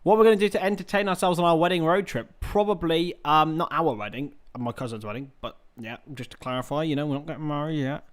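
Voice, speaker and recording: A young man hosting a live football watchalong, chatting with viewers, swearing freely and shouting at big chances. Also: fairly high pitch, fast talker, few pauses. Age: young adult. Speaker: watchalong host.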